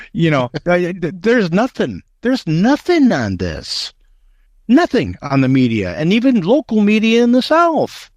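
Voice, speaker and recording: A man's voice: a little high, wildly swooping pitch, moderate pace, a little mellow, dry recording. A man co-hosting a casual political talk show, emphatic and opinionated, often restarting his sentences. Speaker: co-host.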